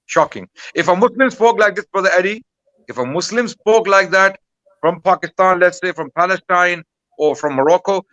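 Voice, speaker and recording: A man's voice: high voice, moderate pace, a bit bright, dry recording, lo-fi sound. A man giving impassioned commentary as a guest, indignant and full of rhetorical questions.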